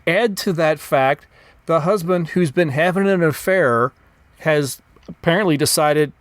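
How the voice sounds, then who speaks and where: Calm man co-hosting a podcast. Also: a little high, a little slow, no room sound. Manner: calm, agreeable, short replies. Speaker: podcast co-host. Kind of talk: casual movie review chat. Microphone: remote call.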